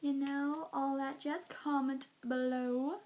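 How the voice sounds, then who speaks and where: A woman's voice: sits high, slow pace, slight background noise. A woman vlogging, telling a story casually and acting out everyone's reactions with plenty of "like". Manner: animated, acting out reactions, lots of "like".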